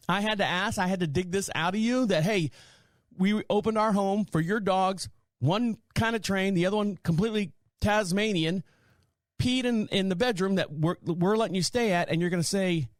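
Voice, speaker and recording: A man hosts his podcast in a rambling, exasperated monologue, often circling back and restarting his sentences. His voice sits a little high for a man, and it comes across dry and close, with no room sound around it. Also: moderate pace, no room sound. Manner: exasperated storytelling with frequent restarts. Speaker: podcast host.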